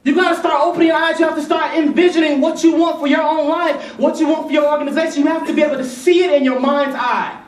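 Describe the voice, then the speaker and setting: Brief: energetic male youth speaker, call-and-response, heard from afar in an echoey hall. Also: very high-pitched, fast, few pauses, distant mic. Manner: energetic, rhythmic, rallies the crowd. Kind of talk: motivational speech with call-and-response. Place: large conference hall.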